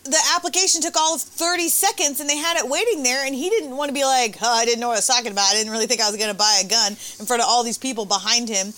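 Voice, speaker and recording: A woman telling a story in a casual chat, animated and laughing often. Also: a little high, rapid-fire, hardly any pauses.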